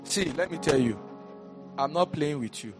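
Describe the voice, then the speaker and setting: A man with a Nigerian accent preaching a lively sermon in a church, with asides to the congregation that rise to shouts. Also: on the high side, normal speed, over music. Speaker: pastor. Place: church hall.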